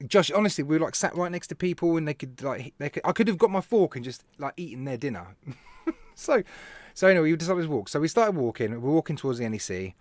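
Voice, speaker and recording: Animated British man, chatty live host. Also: on the high side, quick pace, dry recording. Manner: animated storytelling, laughs often, chats to viewers by name. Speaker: live show host, vape reviewer. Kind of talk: casual live-stream chat.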